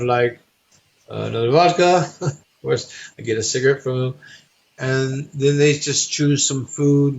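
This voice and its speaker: A man and stage performer, a guest in an interview, telling a casual anecdote and acting out the people he quotes. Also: mid-range voice. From United States. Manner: lively storyteller who acts out the people he quotes. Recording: dull lo-fi recording.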